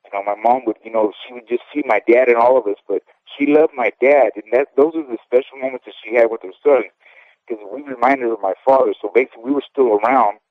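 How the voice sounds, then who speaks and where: Over a thin, phone-like line with a dry, close sound, a man in his fifties rambles candidly through his memories. His voice sits at an ordinary middle pitch, and he keeps tagging his points with little check-ins to the listener. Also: quick pace, no room sound. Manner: candid and rambling, often tags "okay?". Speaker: interview guest, former boxer. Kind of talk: casual phone interview.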